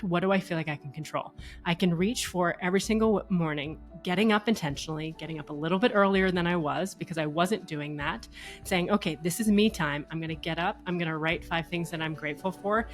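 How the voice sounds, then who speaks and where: A woman in her thirties, a mother and podcast co-host, telling a personal story in a chatty, animated way, with frequent laughs and fillers. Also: lowish voice.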